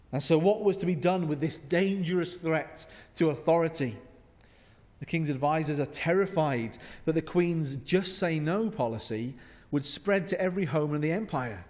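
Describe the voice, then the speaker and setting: Wry, animated male pastor, high voice, long church reverb. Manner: humorous, animated, sarcastic. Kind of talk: sermon.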